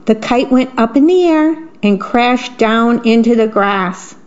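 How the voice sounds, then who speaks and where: A woman volunteer radio reader tells a bedtime story with slow, clear delivery. Her voice sits fairly high and she takes her time. The recording has a slightly dull radio tone. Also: lively intonation.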